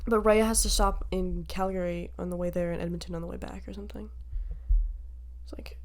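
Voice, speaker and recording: A woman's voice: fairly low pitch, fairly even intonation, fairly quick. A young adult woman from Canada, co-hosting a casual podcast chat, opinionated and sarcastic. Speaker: podcast co-host.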